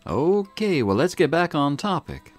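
A man's voice: a little high, very animated, measured pace, soft background music. A man hosting a let's play, reading a detective visual novel aloud with casual asides.

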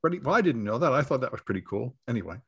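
A man's voice: mid-range voice, sing-song, rapid-fire, breathy edge. A man hosting a casual panel discussion, making dry, musing remarks. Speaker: host.

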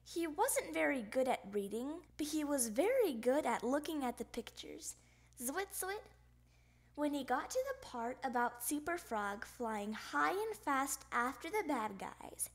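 A woman narrating a children's picture book aloud, with playful, expressive sound effects. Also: high-pitched, measured pace. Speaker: storybook reader.

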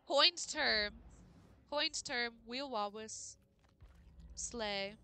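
A woman's voice: a little high, sharp tone, clean tone, dry recording. A young woman streaming a game late at night, chatting casually with viewers, bubbly and playful, tripping over names and laughing. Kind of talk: casual live-stream chat while gaming.

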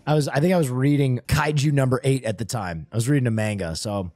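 A male streamer telling a story in casual chat, animated and profane, acting out sounds. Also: mid-range voice, fairly quick, few pauses, no echo, faint music behind.

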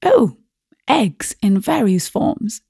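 A woman plays a bossy elder spinster sister from a storybook, lofty and firm, with a gravelly, husky edge to her slow words. The voice stays mellow and dry, close to the mic. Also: medium pitch, no echo.

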